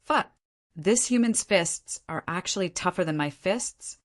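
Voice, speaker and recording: Lady reader doing a hot-headed rock spirit emperor guy, yelling, pitched way up. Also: lively intonation, a little slow. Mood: angry. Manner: shouting, raised pitch. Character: stubborn furious male rock-spirit emperor.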